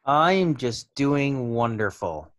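A man's voice: mid-range voice, sing-song, slow. A man co-hosting a podcast in casual chat, with a dry, teasing manner. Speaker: podcast co-host.

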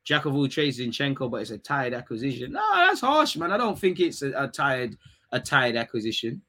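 A young man, chatting casually on a live stream, reading comments and teasing his chat in quick, slangy talk. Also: mid-range voice, sharp tone. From England.

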